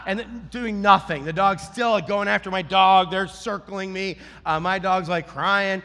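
A man preaching a sermon, telling a story in an animated way and acting out the lines he quotes. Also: sits high, normal speed, in a large hall. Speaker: pastor.

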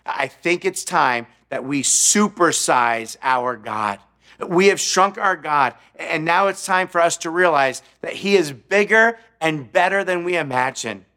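Bright-voiced, unhurried male preacher. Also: fairly high pitch. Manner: storytelling, acting out quotes with jokes. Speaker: pastor. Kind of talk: sermon.

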